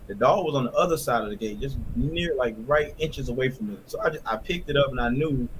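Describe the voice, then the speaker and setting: A man recounting a childhood memory in a plain, halting way, with many fillers. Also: medium pitch, a little hiss or hum. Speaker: guest. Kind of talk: casual storytelling.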